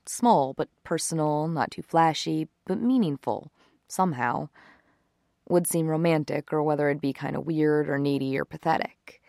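A woman reading a romance story aloud in an intimate, unhurried way, close to the microphone. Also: deep voice, a little mellow, no echo. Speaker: narrator.

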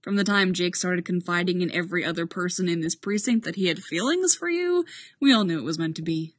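A woman reading a story aloud with expressive narration. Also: fairly low pitch, a little fast, no echo. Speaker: reader. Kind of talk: reading fan fiction aloud.

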